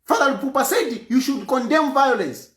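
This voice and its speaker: A man from Zambia speaks out in an emphatic political statement, hammering points home by repeating them. His pitch rises and falls in a lively way as he talks. The sound carries the echo of a roomy space. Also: normal speed. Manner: emphatic, repeats phrases for force.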